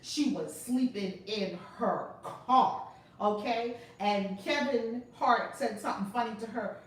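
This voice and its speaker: A woman's voice: fairly high pitch, measured pace. A woman hosting a live-streamed class as a spiritual teacher, exuberantly greeting viewers by name and then teaching, stressing key words. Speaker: spiritual teacher and channel host. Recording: echoey room, far from the mic, faint noise.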